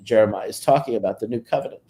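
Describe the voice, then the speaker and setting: A man talking in a casual conversation, halting and full of "uh" fillers, with emphatic denunciations, and losing his voice. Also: on the low side, mellow. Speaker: channel host discussing scripture and politics.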